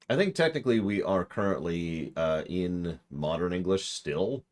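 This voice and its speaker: A man streaming a video game in casual commentary, rambling, breaking off mid-sentence and answering chat. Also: sits low.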